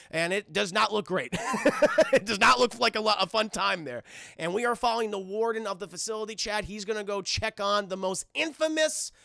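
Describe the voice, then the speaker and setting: Young male streamer, excitable and cussing, bright forceful tone; keeps talking to chat. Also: sits high, moderate pace, vocal fry, no echo, studio quality. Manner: rambling, excitable, curses, keeps addressing chat. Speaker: streamer reviewing films. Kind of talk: casual profane film recap to live chat.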